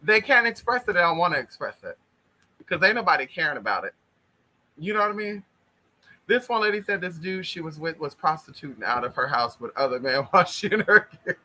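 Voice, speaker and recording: A man's voice: on the high side, big pitch swings, brisk, bright, forceful tone. A man hosting a casual livestream, greeting viewers one by one in a flamboyant, blunt and profane way, calling everyone honey. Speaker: livestream host.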